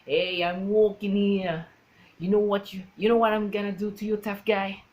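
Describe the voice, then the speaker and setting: A man's voice: high voice, level tone, normal speed, darkish tone, pitched above the performer's own voice, close to an everyday voice. A man putting on a brash, threatening New York tough guy with a New York accent. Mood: menacing. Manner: aggressive, swaggering.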